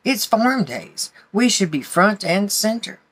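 A woman reading aloud puts on a squawking farmyard rooster from a picture book, puzzled and proud. His voice comes out bright and slow. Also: mid-range voice, big pitch swings, slightly rough, voice pushed up, heavily acted. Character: puzzled, crowing male farm rooster.

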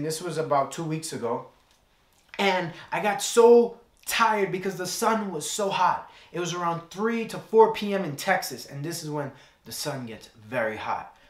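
A young man preaches a sermon, mixing a personal story into his message and repeating phrases for weight. His voice sits a little high for a man. The sound carries the echo of a church hall. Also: a bit bright.

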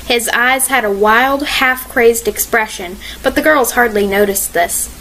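A woman narrating a mystery audiobook in a measured, expressive reading style. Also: on the high side, slight background noise, low-quality recording.

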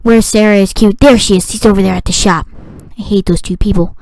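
A woman giving excitable gameplay commentary, talking to the game and shouting at it. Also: medium pitch, a little fast, no room sound. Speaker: gaming video creator.

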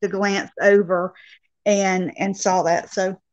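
A woman's voice: medium pitch, level tone, slow. A woman from North Alabama, chatting on a video call in a friendly, hesitant way. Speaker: caller showing finds. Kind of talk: casual video call chat. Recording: dull lo-fi video call audio.

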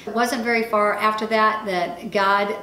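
Animated woman preacher in an echoey room. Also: mid-range voice, measured pace. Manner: animated storytelling with frequent laughs. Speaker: ministry speaker and show host. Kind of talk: sermon-style testimony. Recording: echoey room with faint ambient noise.

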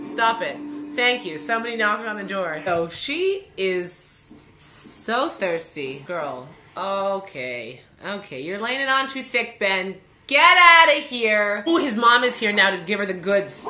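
A woman vlogging her reactions to a TV series, talking back at the screen in an animated, exclamatory way. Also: medium pitch, a little slow, hardly any pauses. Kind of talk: casual reaction commentary.

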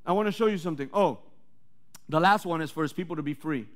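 High-voiced preaching pastor. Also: male voice, fast talker. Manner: energetic preaching that swings between loud calls and low asides. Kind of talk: sermon.

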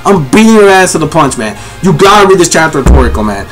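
A man reacting live to a comic chapter, swearing constantly and bursting into yells. His pitch swings widely as he talks, with faint music playing behind him. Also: fast talker. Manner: excitable, profane, yelling in bursts. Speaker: manga reviewer.

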